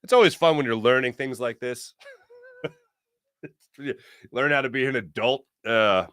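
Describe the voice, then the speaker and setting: A man in his late thirties, a sports show host, telling a story in a casual, animated way, laughing often and acting out the quotes. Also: medium pitch, unhurried, smooth, no echo, studio quality.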